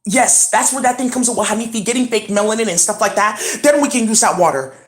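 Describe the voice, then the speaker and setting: A woman's voice: on the high side, lively intonation, fast, roomy sound. A woman talking in a rambling, intense way in a casual home vlog as a spiritual reader. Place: at home indoors.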